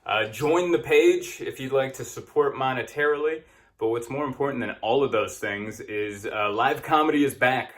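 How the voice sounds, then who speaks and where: Chill guy doing a quick channel outro, mid voice, loose and offhand. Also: mid-range voice. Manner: relaxed, offhand, with fillers. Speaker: comedian closing his own video. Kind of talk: casual channel sign-off.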